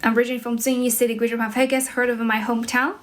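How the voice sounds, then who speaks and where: A woman's voice: fairly high pitch, level tone, rapid-fire. Chinese-accented young woman streaming chat. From China. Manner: answers viewer questions, switching between English and Chinese. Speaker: English teacher streamer. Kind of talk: livestream chat.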